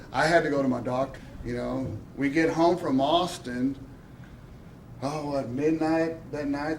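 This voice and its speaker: A man telling his story at a press event, excited and laughing, acting out the voices of the people he quotes. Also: on the high side, far from the mic, a little hiss or hum. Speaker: lottery winner at a check presentation. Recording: echoey room.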